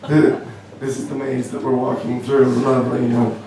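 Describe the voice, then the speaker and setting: A man's voice: mid-range voice, flat delivery, normal speed, recorded from a distance. A young Canadian man doing a stand-up comedy set in a club, wry and self-deprecating, stumbling over fillers as he goes. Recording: echoey club, voice from afar, faint room noise.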